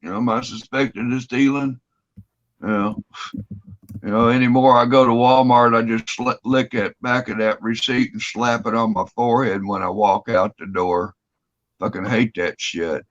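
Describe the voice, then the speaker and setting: A man's voice: lowish voice, steady tone, normal speed, fairly bright tone. A man telling a long story in casual chat, rambling and swearing freely. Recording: dull lo-fi audio.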